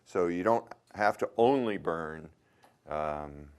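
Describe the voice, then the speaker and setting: A man's voice: sits low, slow, clear, resonant tone. A man speaking to a workshop audience, asking them direct questions and coaching them in a plain, conversational way with some hesitations. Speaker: workshop leader. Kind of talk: motivational workshop talk.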